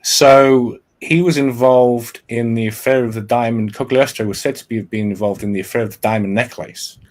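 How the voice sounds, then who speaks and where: A man's voice: medium pitch, steady tone, moderate pace. A male podcast host explaining a historical plot in casual talk. He reads from notes and keeps stopping to restart and correct himself.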